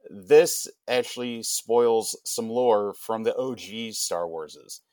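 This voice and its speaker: A young man on a podcast, excitedly recapping an episode in a rambling, casual way full of "like". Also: on the low side, slow, no room sound. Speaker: podcast co-host. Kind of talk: casual pop-culture chat.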